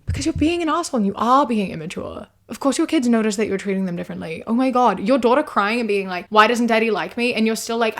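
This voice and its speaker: A young woman with a New Zealand accent reacts to online posts in a loose, chatty way. She is blunt and exasperated, and she scatters "like" through her sentences. Her pitch sits in the middle for a woman. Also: expressive, quick pace, hardly any pauses. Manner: blunt, exasperated, many "like" fillers. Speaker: commentator reading online posts. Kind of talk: casual reaction commentary.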